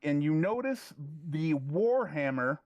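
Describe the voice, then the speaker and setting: A man narrating as game master, talking in halting bursts and often repeating his words. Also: on the high side, sing-song, darkish tone, no echo, muffled recording.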